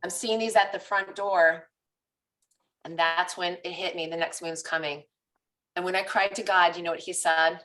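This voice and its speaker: Animated woman fitness coach, a little off-mic. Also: lowish voice, normal speed, distant mic, poor audio. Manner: animated, confessional storytelling. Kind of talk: live group coaching chat.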